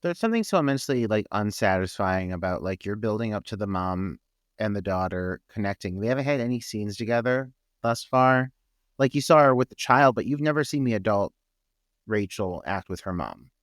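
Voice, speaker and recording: A man's voice: lowish voice, animated, brisk, no room sound, studio quality. A man co-hosting a podcast, giving laid-back, profane opinions on a film. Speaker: podcast co-host. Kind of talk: casual film discussion.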